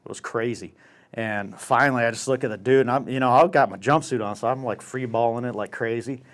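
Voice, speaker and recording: A man's voice: mid-range voice, brisk. A young man telling a rowdy anecdote in casual chat, swearing constantly and acting out other people's lines. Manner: profane, animated, acts out voices in anecdotes. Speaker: podcast host. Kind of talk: casual storytelling.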